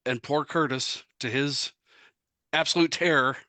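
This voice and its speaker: Bright-voiced man telling a family story. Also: mid-range voice, no echo. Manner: quick, animated retelling with quoted voices. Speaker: son at a family celebration. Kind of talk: casual storytelling.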